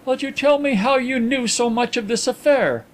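A man voicing an excitable, skeptical gentleman friend in an audiobook, with a raised, emphatic, incredulous delivery. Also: extremely high pitch, moderate pace, voice pushed up.

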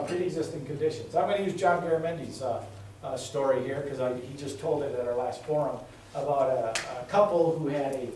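A man's voice: fairly high pitch, a little mellow, a little hiss or hum. A middle-aged man giving a campaign speech as a candidate, telling folksy stories and repeating his points for emphasis. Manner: folksy storytelling with emphatic repetition. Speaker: congressional candidate. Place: indoor meeting room. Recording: echoey room, recorded from far off.

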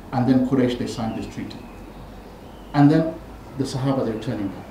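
A man giving a Friday sermon in a mosque, telling stories animatedly and rising in pitch and force when he quotes people. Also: warm tone, slight background noise. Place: mosque prayer hall. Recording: very echoey hall, voice from far off.

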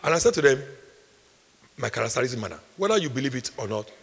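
A man with a Nigerian accent preaching a sermon, repeating his lines with force and building up to shouts. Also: mid-range voice, sing-song, quick pace, vocal fry, husky. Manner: preaching with emphatic repetition, rising to shouts. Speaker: pastor. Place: large hall at a retreat. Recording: echoey hall, long reverb.

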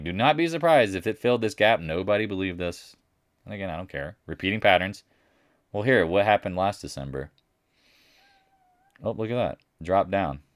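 A man's voice: fairly low pitch, dry recording, clean studio sound. Blunt, boastful male market commentator. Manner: blunt, boastful, animated asides with mocking quoted voices. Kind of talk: casual market recap monologue.

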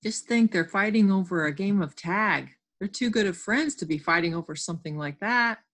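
A woman's voice: medium pitch, moderate pace, a bit bright. A woman teacher leading a reading lesson for children over a computer microphone, patient and explanatory.

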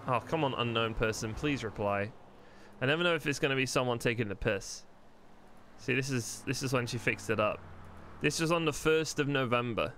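A male streamer talks to his viewers at a middle pitch while he plays, rambling and thinking out loud. He swears casually and often. A faint noise sits under his voice. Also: moderate pace. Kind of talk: live-streamed roleplay gameplay chat.

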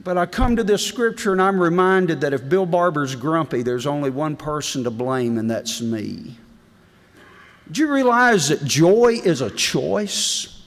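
A middle-aged man preaching a devotion in a folksy storytelling manner, swinging between loud and hushed delivery. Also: fairly high pitch, expressive, measured pace. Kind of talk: sermon. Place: large legislative chamber. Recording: long reverb in a big hall.

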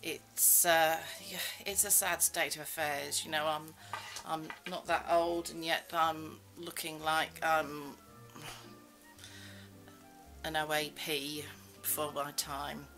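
A woman's voice: low-pitched, little pitch movement, slow pace, a bit bright, faint music behind, poor audio. A middle-aged woman vlogging in a rambling, self-mocking way, full of fillers. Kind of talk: casual chat.

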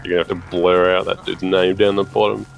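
A man's voice: sits low, level tone, fast, creaky. A man chatting as a teammate during a game, giving laid-back, matter-of-fact callouts. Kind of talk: casual gaming chat.

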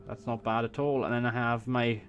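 A man's voice: mid-range voice, level tone, brisk. A Welsh man casually thinking aloud as he commentates a strategy game, swearing when surprised. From Wales. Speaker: gaming YouTuber. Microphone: desk USB microphone.

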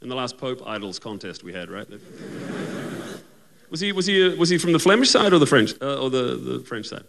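A man's voice: mid-range voice, very animated, brisk, vocal fry, a bit bright. A man doing a stand-up comedy routine in a chatty, teasing manner, often asking the audience to agree.

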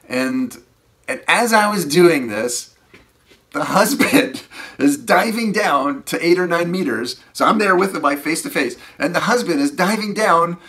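A man who teaches scuba, telling rambling, animated stories in a casual way that often trails off quietly. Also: on the high side, a little slow. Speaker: scuba diving instructor. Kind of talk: casual anecdotal storytelling.

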